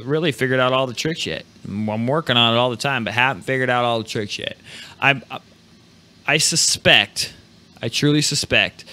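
Bright-sounding guy hosting a live podcast, loose and hyped, cusses freely. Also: mid-range voice, clear, resonant tone. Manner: loose, excitable, swears freely. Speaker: podcast host. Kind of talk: casual live podcast chat.

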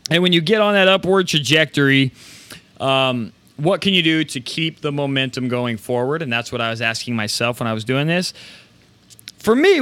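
With a fairly high voice and no echo on the recording, a live-show host gives lively, casual motivation about the print business, complete with rambling restarts and a bit of swearing.

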